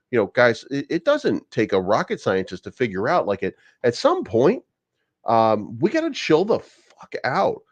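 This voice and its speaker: Rambling, profane crypto host. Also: male voice, fairly low pitch. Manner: rambling, profane, many restarts. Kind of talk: casual market commentary. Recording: dull lo-fi sound.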